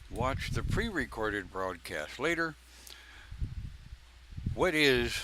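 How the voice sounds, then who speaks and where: Older male minister, croaky but bright, slow unhurried delivery, faint noise behind. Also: on the low side. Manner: folksy, joking asides, drawn-out pauses. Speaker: pagan minister. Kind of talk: informal live-stream sermon.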